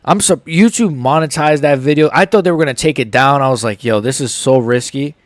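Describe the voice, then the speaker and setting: Young male streamer with hiccups, casual slangy chat, close dry mic, mid pitch. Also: brisk, dry recording. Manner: reads chat aloud, laid-back slangy banter. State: has the hiccups. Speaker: streamer reacting live to fights.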